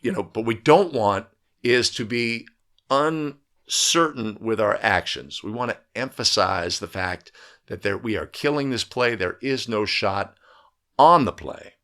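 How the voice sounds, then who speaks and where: A man's voice: lowish voice, unhurried, a bit bright. A man hosting an instructional video for basketball officials, talking through game footage in a coaching manner and often checking in with "right?". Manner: coaching, emphatic, with frequent "right?" tags.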